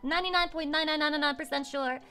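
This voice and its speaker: A woman livestreamer chatting casually with her viewers, excitable and swearing freely. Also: sits high, fast, faint music behind. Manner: excitable and swearing, with squeals and laughs.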